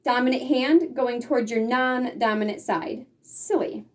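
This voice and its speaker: A woman's voice: on the high side, a little slow, a little mellow, distant mic. A woman teaching sign language in a patient, explanatory way, sometimes acting out the feelings she describes. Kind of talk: casual instruction.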